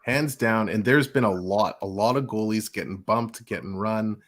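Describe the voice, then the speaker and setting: Brief: male co-host, even-toned, frustrated, matter-of-fact. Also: lowish voice, moderate pace. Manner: steady, frustrated critique. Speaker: hockey show co-host. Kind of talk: casual sports chat.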